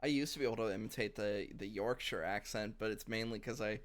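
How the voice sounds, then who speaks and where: A man's voice: on the low side, quick pace. A man co-hosting a podcast, chatting loosely and joking with plenty of fillers. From United States. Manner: rambling, joking, many fillers. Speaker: podcast co-host. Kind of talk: casual chat.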